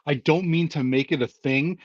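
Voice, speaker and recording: Male co-host, a touch high, animated self-mocking rants, dry lo-fi recording. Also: moderate pace, no echo. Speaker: podcast co-host. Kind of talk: casual movie ranking chat.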